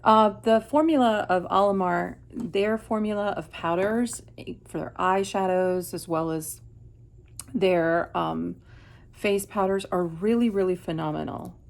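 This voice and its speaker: A woman's voice: mid-range voice, unhurried, creaky. A middle-aged woman from Miami chatting while doing her makeup, reflective and rambling with many restarts. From Miami, USA. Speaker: beauty vlogger. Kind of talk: chatty get-ready-with-me vlog.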